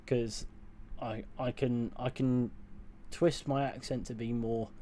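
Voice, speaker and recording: Medium in pitch, flat in delivery and warm, the man takes it slowly over slight background noise. A southwest England streamer with a mostly received pronunciation accent tinged by West Country and Northern sounds, he casually reads chat and answers questions, rambling, correcting himself and often chuckling.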